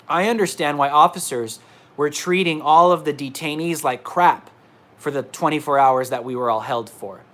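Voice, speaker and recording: A man's voice: fairly high pitch, a bit bright. Indignant man on a livestream. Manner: indignant, emphatic, repeats himself. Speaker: independent reporter. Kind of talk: livestream monologue. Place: indoors at a laptop.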